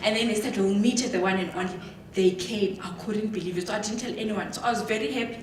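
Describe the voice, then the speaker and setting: A woman from South Africa giving a motivational talk, telling her story in a lively way with frequent laughter. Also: mid-range voice, fast talker, a little hiss or hum. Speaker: guest speaker. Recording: echoey hall, distant mic.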